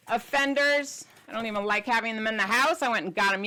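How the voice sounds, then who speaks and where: A woman's voice: a little high, brisk, few pauses, bright, forceful tone. A middle-aged woman hosting a casual food vlog, chatty and playful, showing food to the camera with the odd dramatic whisper. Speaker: keto diet author and host.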